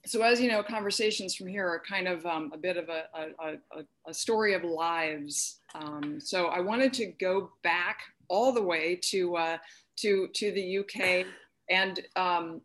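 A woman's voice: fairly low pitch, unhurried, fairly bright tone. A woman hosting an interview over a video call, asking questions in a playful, somewhat hesitant way. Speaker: podcast host. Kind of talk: casual interview chat.

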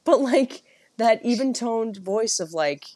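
A woman's voice: on the high side, animated, takes it slowly, a little mellow, no echo. A woman co-hosting a podcast, telling rambling stories in casual chat and playfully mimicking other people's voices. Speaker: podcast co-host. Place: Boston area.

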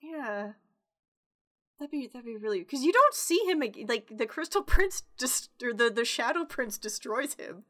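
A woman's voice: on the high side, expressive, moderate pace, fairly bright tone. A young woman co-hosting a casual chat, giggly and chatty with lots of filler words.

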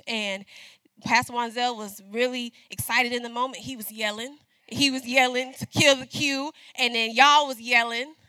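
A woman's voice: high voice, bright, forceful tone, dry recording. A middle-aged woman preaching a sermon in a conversational style, calling out to the congregation and asking them to agree.

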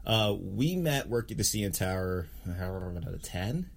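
A man's voice: low-pitched, very animated, normal speed, gravelly, crowd noise. A man hosting a podcast in casual chat, swearing freely and laughing through rambling banter. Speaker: podcast host.

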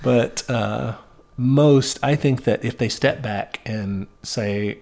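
A man's voice: medium pitch, slow, creaky, darkish tone. A man co-hosting a podcast in casual chat, easygoing and hedging his points with fillers. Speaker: podcast co-host.

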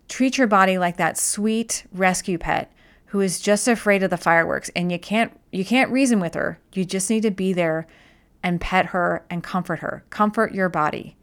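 Gentle, low-voiced woman host. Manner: gentle, reflective, with frequent fillers and restarts. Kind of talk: casual advice talk.

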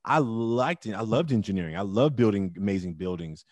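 A middle-aged man telling his story as an interview guest, emphatic and animated with loud bursts. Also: lowish voice, fairly quick, no room sound. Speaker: interview guest, teacher and club founder.

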